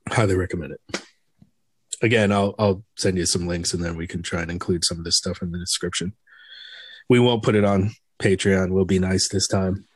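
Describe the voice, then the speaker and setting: A man with a low voice talks loosely on a podcast, laughing easily and restarting his sentences. The sound is dry and close, with no room around it. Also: fairly even intonation, moderate pace, breathy edge, no echo. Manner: laughs often, rambling restarts. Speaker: podcast co-host. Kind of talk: casual chat.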